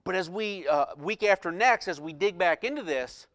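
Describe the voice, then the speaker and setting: Impassioned high-voiced male preacher, dry sound. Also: expressive, moderate pace, no room sound. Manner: swings from soft hushed reading to loud impassioned preaching. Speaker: pastor. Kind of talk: sermon.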